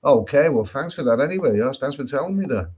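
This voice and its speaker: On an island in Thailand, an English travel vlogger runs a casual live stream, voicing viewer comments and answering them with chatty repetition, frequent restarts and strong opinions. His mid-range voice is expressive, husky and a little mellow, and his pace is quick.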